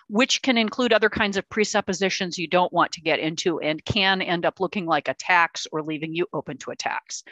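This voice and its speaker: A woman's voice: mid-range voice, fairly bright tone, no room sound, low-quality recording. A woman giving an informal talk, explaining techniques and acting out sample lines in other voices, with fillers and restarts. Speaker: speaker giving a talk on verbal self-defense. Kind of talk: informal lecture with examples. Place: meeting hall.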